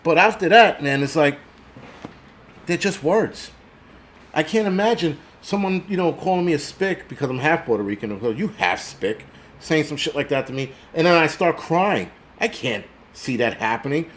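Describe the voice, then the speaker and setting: A man's voice: on the high side, animated, normal speed, slight background noise. A middle-aged man hosting a channel in a casual, rambling, profane livestream rant, laughing often and answering chat comments. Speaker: prepper channel host.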